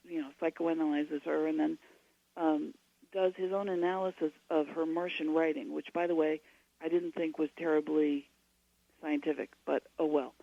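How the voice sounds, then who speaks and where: A woman's voice: low-pitched, creaky, no room sound, narrow, tinny audio. A woman, a guest author on a radio interview, giving long and digressive explanations.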